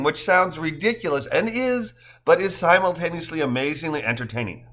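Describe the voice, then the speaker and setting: A man narrating a novel in an expressive, storytelling way. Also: medium pitch, moderate pace. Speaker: audiobook narrator. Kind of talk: scripted narration.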